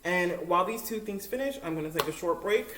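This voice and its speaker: A woman's voice: on the low side, expressive, fairly quick, echoey room, slight background noise. A young woman telling a casual story while she cooks in her home kitchen. She talks in a chatty, giggly way, full of likes and ums, and is picked up by a camera on a makeshift tripod. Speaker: cooking vlogger.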